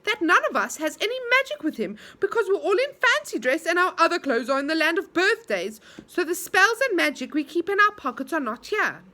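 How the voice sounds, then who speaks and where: A woman's voice: very high voice, big pitch swings, brisk, few pauses, pushed and bright, pitched above the performer's own voice, heavily acted. Woman doing a thoughtful old bearded man. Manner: thoughtful, explaining. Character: wise bearded old man Mister Whiskers.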